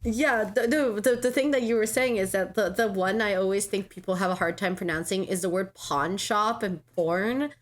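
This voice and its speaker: A woman's voice: mid-range voice, normal speed, few pauses. A woman co-hosting a podcast in casual chat, rambling with many fillers and restarts. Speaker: podcast co-host.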